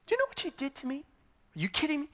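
A man voicing an indignant, resentful churchgoer who fires off rapid, exasperated questions. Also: high-pitched, very animated, a bit bright, long reverb tail. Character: indignant wronged male churchgoer, resentful and defensive.

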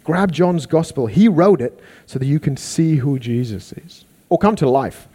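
Aussie guy preaching a sermon, warm low tone, acts out little voices. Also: normal speed, breathy edge. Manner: animated, acts out quoted voices.

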